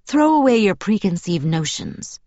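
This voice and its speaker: A woman reading an audiobook, voicing a calm and persuasive male vampire with a smooth, velvety tone. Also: mid-range voice, no echo, lightly acted. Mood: firm, calm. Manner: measured, patient, firm. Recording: dull, dry audiobook recording.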